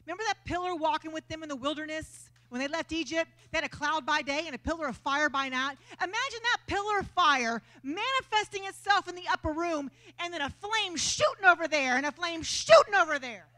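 A woman preacher with a Texan accent gives a lively, conversational sermon in church, acting out the quotes as she goes. Her voice sits high, and she speaks briskly with hardly any pauses.

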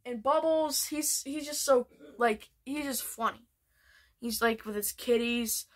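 A woman vlogger rambling excitedly about her favorite shows, full of fillers and restarts. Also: on the high side, measured pace. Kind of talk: casual show ranking.

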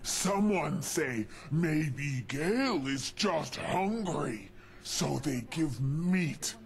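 A man's voice: a little high, expressive, very slow, vocal fry, a little hiss or hum, full character voice. An actor playing a huge, angry male super mutant who speaks in broken sentences and refers to himself in the third person. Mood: furious, desperate. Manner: broken speech, referring to self in third person, shouting bursts. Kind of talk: video game dialogue.

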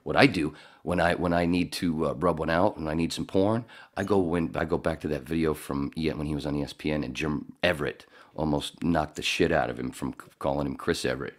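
A man with a very low, deep voice tells a story in loose, rambling podcast chat. He swears freely and restarts his sentences often, then jumps up in pitch when he mimics other people. He works as a radio voiceover artist. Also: steady tone, fairly quick, hardly any pauses. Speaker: podcast host telling a story. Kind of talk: casual profane storytelling.

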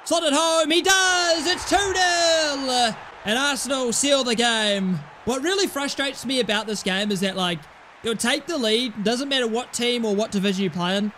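A young man commentating his own football gameplay, excitable, yelling and swearing at the game. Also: very high voice, moderate pace, noisy background. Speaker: gaming YouTuber.

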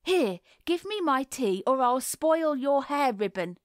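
A woman's voice: on the high side, lively intonation, a little slow, no echo, clean studio sound. A woman voicing a rude, blustering young boy who growls and bawls at the other children in a storybook reading. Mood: surly. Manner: growling, bawling.

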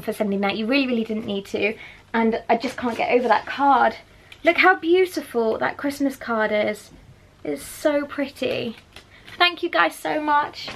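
A young woman from England vlogging at home to a handheld camera, gushing and excitable as she chats to her viewers. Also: low-quality recording. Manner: gushing and excitable, goes high and sing-song when talking to her puppy. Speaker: lifestyle vlogger. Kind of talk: casual vlog talk to camera. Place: at home indoors.

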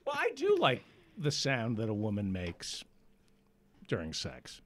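Lower-voiced middle-aged wisecracking man. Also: huge pitch swings, a little slow, a bit bright. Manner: crude wisecracking, teasing. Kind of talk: casual comedic chat.

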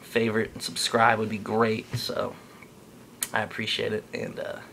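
A man's voice: on the low side, level tone, normal speed, vocal fry, bright, forceful tone, slight background noise. A young man vlogging a comic monologue, awkward and self-deprecating in a jokey way. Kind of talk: comedic vlog monologue.

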